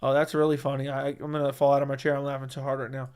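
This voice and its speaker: A man's voice: mid-range voice, little pitch movement, rapid-fire, darkish tone, smooth. A young man hosting a livestream, reading chat and answering in a blunt, profane, dismissive way.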